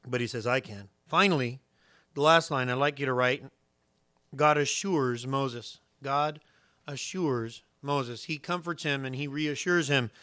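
Bright-voiced man preaching conversationally. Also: mid-range voice, measured pace. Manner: conversational, animated, asks the audience questions. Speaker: pastor. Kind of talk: sermon.

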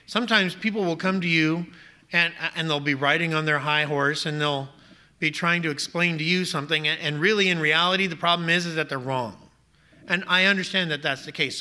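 A man with a high, keen voice delivers a sermon from the pulpit. He presses his point with rhetorical questions and emphatic repetition. His tone is sharp and cutting. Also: fairly quick. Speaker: pastor.

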